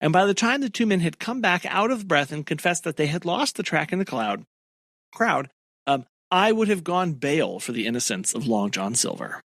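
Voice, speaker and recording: A man's voice: fairly high pitch, very animated, moderate pace, gravelly, fairly bright tone, no echo, studio quality. A man co-hosting a podcast, reading a book passage aloud in an easygoing, amused way. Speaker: podcast co-host.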